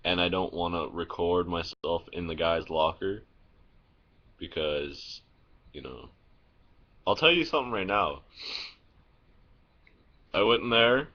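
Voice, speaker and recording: A man's voice: low voice, lively intonation, slow pace, pauses often, muffled recording. A young man vlogging in a casual, rambling way, telling stories full of fillers, restarts and swearing, recorded on a phone. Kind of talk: casual vlog storytelling.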